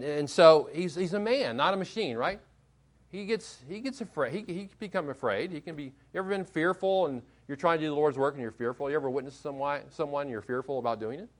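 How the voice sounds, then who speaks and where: A male pastor delivering a sermon with an emphatic, questioning manner. His voice sits a little high for a man, and he keeps turning to his listeners with rhetorical questions.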